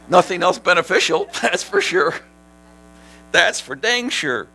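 Gravelly, forceful male pastor preaching. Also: sits high, measured pace, long pauses, a little hiss or hum, low-quality recording. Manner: animated, rising to shouts and laughing with the congregation. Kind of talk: sermon.

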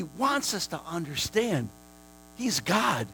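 A man preaching a sermon, repeating phrases for emphasis and swinging between a hushed, prayerful murmur and high, shouted declarations. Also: lively intonation, normal speed, pauses often, no room sound, low-quality recording.

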